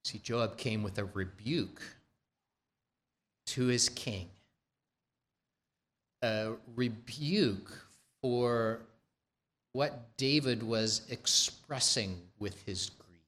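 Guy preaching a sermon, slow and deliberate, reads out the story lines himself, regular pitch. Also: fairly bright tone. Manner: slow, measured storytelling with quoted dialogue. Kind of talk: sermon retelling scripture.

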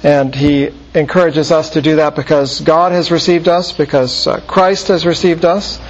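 A man works slowly through a scripture passage in a sermon, explaining as he goes. He pauses often mid-phrase in a measured way. His voice sits somewhat high and comes through a dull, lo-fi recording. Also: steady tone, a little hiss or hum. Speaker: preacher. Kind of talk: expository Bible teaching. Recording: muffled lo-fi recording.

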